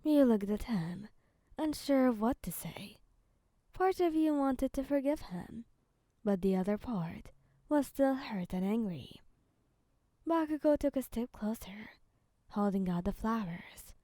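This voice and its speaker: A woman reading a second-person romance story in a soft, calm, partly whispered way. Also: on the high side, a little slow, no room sound. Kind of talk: scripted second-person narration.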